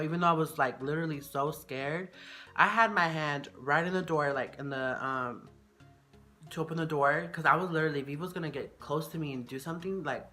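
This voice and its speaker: A woman's voice: a bass voice, bright, forceful tone. A young woman telling a personal story in a casual, frank way, full of "you know" and "like".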